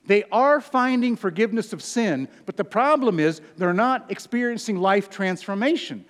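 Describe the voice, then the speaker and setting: A pastor in his sixties preaching a sermon, swinging from loud emphatic peaks down to hushed low phrases. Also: expressive, moderate pace. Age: 60s. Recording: hall reverb.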